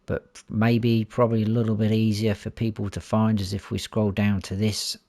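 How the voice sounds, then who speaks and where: Gaming channel host, man, very low unhurried voice, dry close recording, lists menu options one by one. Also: monotone, darkish tone, dry recording. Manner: listing options one by one while clicking through menus. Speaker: gaming YouTuber. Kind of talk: console gameplay walkthrough.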